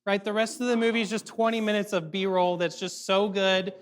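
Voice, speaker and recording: A man giving a casual youth sermon, animated and chatty, full of fillers and quick check-ins with his audience. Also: high voice, clear, resonant tone. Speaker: youth ministry speaker.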